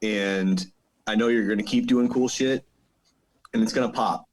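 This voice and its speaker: A man's voice: on the low side, moderate pace, poor audio. Affectionate podcast host man. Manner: warm-hearted, affectionate with friends. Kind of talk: casual chat.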